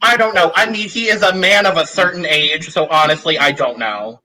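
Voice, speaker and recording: A man's voice: on the high side, a little fast, crowd noise, low-quality recording. A man co-hosting a podcast, chatting casually and frankly venting his complaints. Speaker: podcast co-host.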